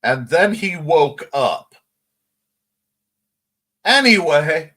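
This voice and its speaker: A man's voice: medium pitch, sing-song, a little slow, fairly bright tone. A man hosting a casual livestream morning chat, reading viewer comments aloud and laughing along. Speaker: host.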